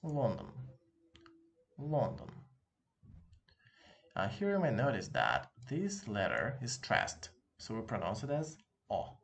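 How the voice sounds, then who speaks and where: A man's voice: lowish voice, huge pitch swings, measured pace, gravelly, few pauses, a bit bright, slight background noise. A man with a Russian accent, a native Russian speaker, teaching a casual online language lesson and patiently repeating words for practice. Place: room with open window, street noise behind.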